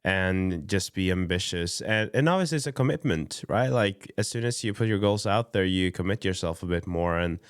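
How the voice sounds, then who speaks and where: Deep-voiced podcast host, halting questions. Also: male voice, clean tone, no echo, studio quality. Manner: hesitant, repeats words while forming questions. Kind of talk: interview questions.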